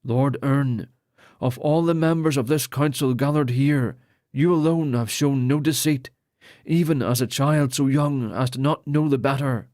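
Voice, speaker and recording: A man's voice: mid-range voice, unhurried, darkish tone, no echo, clean studio sound, lightly acted. A man voicing a solemn male lord who speaks formally while ordaining priests. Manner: formal ceremonial speech.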